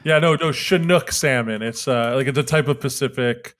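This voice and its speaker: A man's voice: medium pitch, normal speed, fairly bright tone. A man from Canada co-hosting a podcast, telling stories in an easygoing, rambling way. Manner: easygoing, filler-heavy storytelling. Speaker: podcast co-host. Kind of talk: casual chat.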